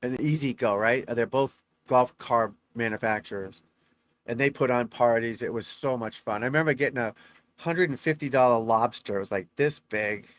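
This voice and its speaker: A man's voice: medium pitch, normal speed, fairly bright tone, no echo. A middle-aged golf instructor talks through a live stream, rambling between scores and greetings to viewers. His voice sits in a middle range and is recorded dry and close, with no room around it. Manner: rambling, talkative, reads off scores.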